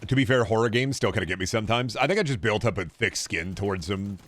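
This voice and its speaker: Young man, game streamer, slightly low voice, rambling, profane, casual chat with viewers. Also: fast, fairly bright tone. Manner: rambling, profane, chatting with viewers while playing. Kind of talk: casual gameplay commentary.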